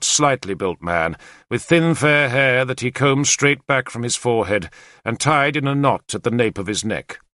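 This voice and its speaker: A man narrating an audiobook in the first person, with expressive, lively storytelling on a close mic. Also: mid-range voice, dry recording.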